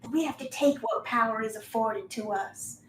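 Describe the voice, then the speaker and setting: A woman's voice: fairly high pitch, moderate pace, natural voice. Brief: a woman doing a giant evil clown woman, taunting and ominous, in an echoey room. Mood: menacing. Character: menacing giant female clown monster dripping black blood. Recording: echoey room with faint noise.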